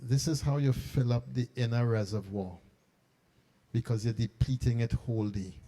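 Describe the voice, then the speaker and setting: A middle-aged man, an archbishop speaking to a conference of school principals and leading them through a meditation. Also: mid-range voice. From Trinidad and Tobago. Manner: animated and coaxing, then slow and hushed in prayer. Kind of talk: talk guiding a meditation. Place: conference hall.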